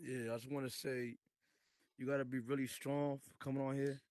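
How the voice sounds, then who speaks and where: A man in an online voice chat who speaks earnestly and haltingly, offering comfort and religious encouragement. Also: mid-range voice, darkish tone, no room sound. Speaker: participant. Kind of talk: casual group voice chat.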